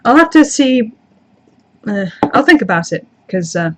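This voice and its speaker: A woman's voice: on the high side, very animated, unhurried. A young woman hosting a casual livestream, reading and answering chat in a chatty, self-deprecating way with frequent restarts. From outside the United States. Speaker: channel host reading live chat.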